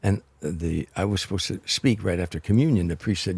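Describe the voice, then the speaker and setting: An older man with a low, husky voice tells stories as a guest comedian, building anecdotes with restarts and repeated words. His delivery is that of a seasoned raconteur. The sound is dry and close, with no room around it. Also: a little fast, darkish tone, no room sound. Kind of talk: anecdotal storytelling in an interview.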